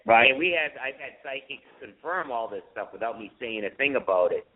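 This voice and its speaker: A man hosting a paranormal talk radio show, chatting casually and telling his own house story in a lively, expressive way. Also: mid-range voice, fairly quick, phone-quality sound.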